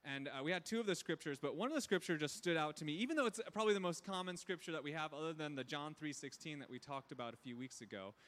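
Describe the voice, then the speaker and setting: A man in his thirties preaching in a relaxed, candid way, often pausing on fillers and restarting his sentences. His voice sits fairly high for a man. A long reverb trails behind every phrase. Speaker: pastor. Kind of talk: conversational sermon.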